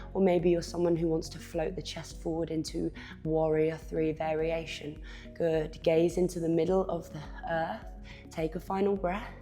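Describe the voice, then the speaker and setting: With a fairly low pitch, a female yoga teacher moves along with her class, giving gentle, encouraging instructions. She gets slightly breathless at times and occasionally lowers her voice to a whisper.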